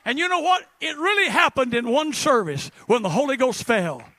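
A middle-aged man preaching a fervent Pentecostal sermon that rises to shouts. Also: very high voice, big pitch swings, moderate pace, no echo. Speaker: pastor.

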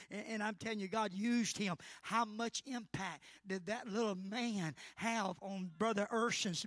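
A middle-aged man preaching a Pentecostal sermon at a church service, moving between shouted high points and hushed asides. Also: no echo. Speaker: pastor.

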